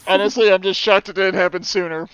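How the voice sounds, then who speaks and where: A man joining an online call, dropping quick wisecracks into the chat. His voice is on the high side for a man, with a touch of background noise. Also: steady tone, highs cut off. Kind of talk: casual crude banter.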